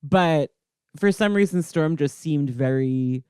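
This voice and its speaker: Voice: medium pitch, takes it slowly, clear, resonant tone, dry recording, studio quality. A podcast co-host chatting casually about comics and acting out characters' lines. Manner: animated, acts out quotes, many fillers. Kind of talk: casual chat recapping comics.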